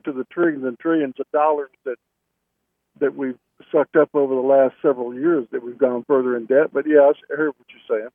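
Halting male caller on a phone line. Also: medium pitch, fairly even intonation, no echo. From Alabama. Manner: halting, searching for words. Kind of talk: call-in phone conversation. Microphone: telephone.

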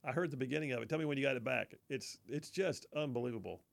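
A man's voice: medium pitch, fast, creaky, very noisy. A man hosting a political talk radio show, mocking and folksy, often saying y'all, speaking in a studio.

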